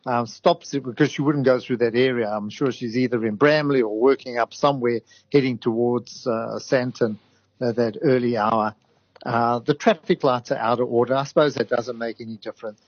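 Man, radio guest, measured and hesitant, dry dull recording. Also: mid-range voice, fairly even intonation, no echo. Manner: measured, hesitant, with many ums. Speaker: guest commentator. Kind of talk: conversational radio interview.

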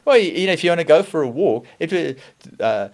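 Animated man explaining. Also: on the high side, fast talker. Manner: animated, acts out examples in quoted voices. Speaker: guest speaker on communication. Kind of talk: conversational teaching.

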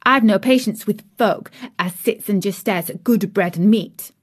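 A woman's voice: mid-range voice, normal speed, slightly rough, lightly acted. A woman voicing a cheerful, chatty young serving girl, homely and outspoken.

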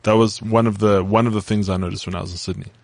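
Male podcast co-host from South Africa, lower voice, measured storytelling, dry sound. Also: steady tone, vocal fry, no room sound. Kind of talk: casual chat.

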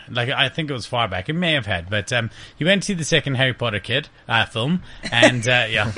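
A man's voice: mid-range voice, husky. A man chatting casually on a podcast, telling stories with frequent laughs and some swearing. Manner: laughing, swearing, lively anecdotes. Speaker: podcast guest. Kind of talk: casual storytelling chat.

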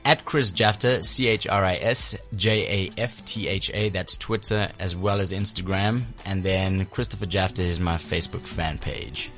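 A man with a fairly low voice and a South African accent chats as a guest on a radio show. He is playful and laughs a lot. A soft music bed runs faintly under his voice in the studio. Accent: South African English. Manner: laughs often, playful, breaks into a quick rap. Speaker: guest, TV presenter. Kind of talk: casual radio chat.

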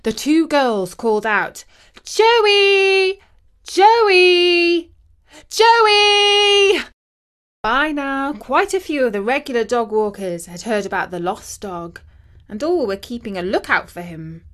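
A woman narrating a children's story in a measured, expressive way. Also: mid-range voice.

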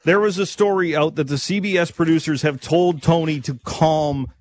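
A man's voice: fairly high pitch, steady tone, normal speed. A man co-hosting a sports talk show, chiming in with casual, chatty commentary. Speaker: sports radio co-host.

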